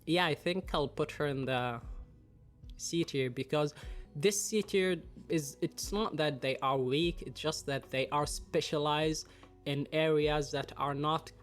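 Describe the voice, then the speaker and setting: A man's voice: a little high, a little slow, soft background music. A man with a congested voice from the flu, casually rambling through a fan tier list with lots of fillers and some swearing. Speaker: anime and manga commentator.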